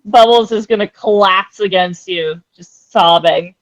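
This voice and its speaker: Woman game master, unhurried narration, dry studio sound. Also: medium pitch, no echo, dull audio.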